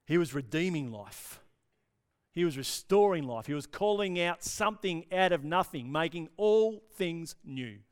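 A male pastor preaching a sermon with passion, dropping to soft pauses for emphasis. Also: fairly high pitch, expressive, clean tone. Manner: impassioned, with dramatic pauses and drops to near-whisper.

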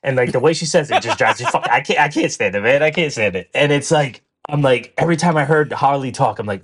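A man's voice: mid-range voice, fast, few pauses, slightly rough. Rambling man in casual chat. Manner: rambling, animated, swears casually. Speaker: podcast co-host.

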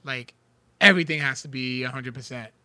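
A man's voice: mid-range voice, brisk, sharp tone, no room sound. A man co-hosting a casual podcast, chiming in easily with short remarks. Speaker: podcast co-host. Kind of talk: casual chat.

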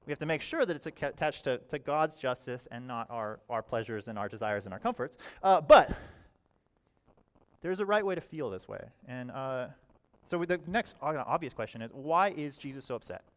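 A man preaching a sermon in a conversational way, often saying "all right" and swinging between quiet and loud passages. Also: mid-range voice, animated, moderate pace. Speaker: pastor.

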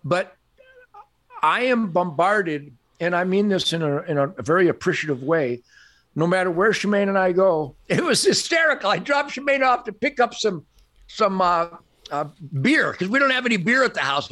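An older man talks with a high, bright and sharply forceful voice that leaps all over the place. He tells his stories emphatically and a bit boastfully. He laughs often as he goes. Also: animated, normal speed. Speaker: guest. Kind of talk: animated storytelling in conversation.

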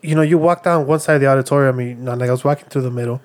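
A man's voice: mid-range voice, racing, darkish tone. A young man casually telling a rambling story among friends, full of fillers and restarts. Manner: rambling, lots of fillers and acted quotes.

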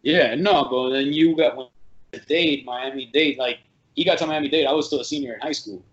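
A man's voice: mid-range voice, a little fast, roomy sound, lo-fi sound. Rambling profane man telling a story. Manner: rambling, profane, animated storytelling with quoted voices. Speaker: fight coach. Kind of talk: casual storytelling chat.

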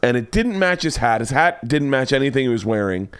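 A man's voice: medium pitch, sing-song, a little fast, fairly bright tone, smooth, no room sound. A man hosting a casual podcast from a home studio, telling a rambling, worked-up anecdote and swearing freely. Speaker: podcast host and comedian. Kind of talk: casual storytelling chat.

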